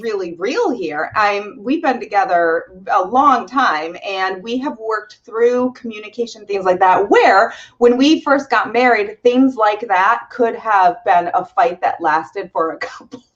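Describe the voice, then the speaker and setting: A woman's voice: mid-range voice, expressive, measured pace, few pauses, dull audio. A young woman co-host telling a dramatic story in casual chat, with gasps and laughs.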